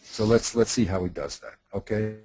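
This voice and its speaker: A man's voice: lowish voice, moderate pace, darkish tone, husky, no room sound, rough recording. A man teaching in a study session, patiently explaining a text, repeating himself and checking that his partner follows.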